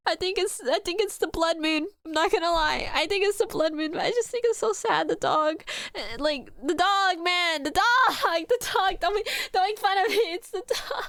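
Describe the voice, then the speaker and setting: A woman streamer chats casually while she reacts to a video. She is emotional, laughs easily and rambles. Her voice sits high and bright, and it is recorded close and dry with no room sound. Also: normal speed, no room sound.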